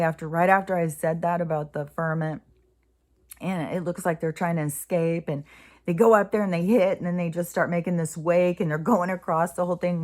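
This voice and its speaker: A woman with a lowish voice talks to herself as much as to her listeners. She rambles and restarts as she thinks aloud, and her voice sometimes falls to a soft, near-whispered hush. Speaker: spiritual vlogger. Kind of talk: casual spiritual musing.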